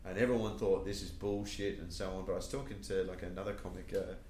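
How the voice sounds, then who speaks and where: Sweary Australian comic spinning a yarn. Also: male voice, deep voice, fast, roomy sound, slight background noise. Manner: swears freely, animated when telling stories. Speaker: comedian guest. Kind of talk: casual podcast storytelling.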